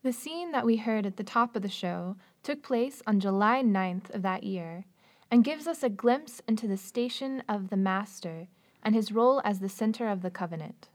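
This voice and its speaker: A woman hosting a podcast, giving scripted, explanatory narration in an even delivery. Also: mid-range voice, moderate pace. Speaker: podcast host.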